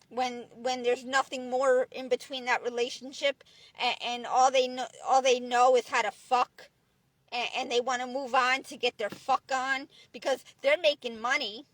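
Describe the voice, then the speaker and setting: High bright woman ranting angrily. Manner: profane, preachy, repetitive restarts. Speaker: vlogger. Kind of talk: angry ranting monologue.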